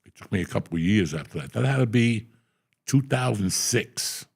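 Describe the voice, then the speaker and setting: Middle-aged male storyteller with a rough, raspy voice; profane and animated. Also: on the low side, moderate pace. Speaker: podcast host. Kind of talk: casual storytelling.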